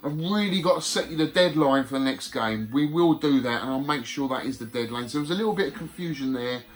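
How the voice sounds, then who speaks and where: Speaking fast with lively intonation, a medium-pitched man hosts a YouTube video and runs through competition scores. His tone with viewers is casual, with friendly asides along the way.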